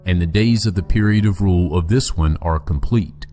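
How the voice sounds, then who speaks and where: Male narrator, very low voice, slow solemn scripture reading over faint music. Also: dark tone.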